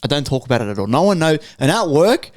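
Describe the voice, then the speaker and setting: A man's voice: fairly high pitch, sing-song, fast talker, no room sound, clean studio sound. A young man co-hosting a podcast, telling a story and acting out other people's lines with plenty of swearing. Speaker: podcast co-host. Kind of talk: casual banter among friends.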